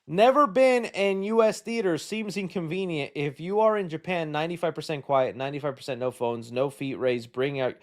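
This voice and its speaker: A man hosting a live stream reads out chat questions and riffs on them. His voice sits a little high, and he rambles loosely, cracking jokes and slipping into silly voices. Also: moderate pace, hardly any pauses. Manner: rambling, animated, jokey, puts on silly voices.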